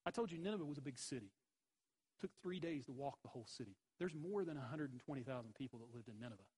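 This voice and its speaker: A man's voice: medium pitch, animated, fast, a little mellow, slightly rough, poor audio. A man preaching a sermon, emphatic, with rhetorical questions and repeated phrases. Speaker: pastor.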